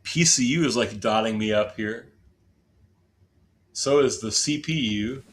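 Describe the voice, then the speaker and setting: The voice is a man's, fairly low in pitch and measured in pace. He's from southern Indiana, USA, and he talks casually with his stream viewers during a baseball game, chatty and self-deprecating.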